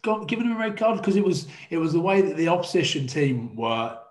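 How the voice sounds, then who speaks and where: A man's voice: a little high, a little fast. Eager male podcast host in an echoey room. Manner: eager questioner, repeats himself as he starts. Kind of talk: casual podcast chat. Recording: roomy, echoey sound.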